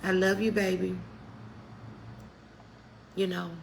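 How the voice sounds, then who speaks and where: A woman's voice: medium pitch, level tone, slow, creaky, a little hiss or hum. A middle-aged woman giving a motivational faith talk on a live stream, preacherly and calling her viewers "baby". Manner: preacherly, calls viewers "baby", greets chat by name.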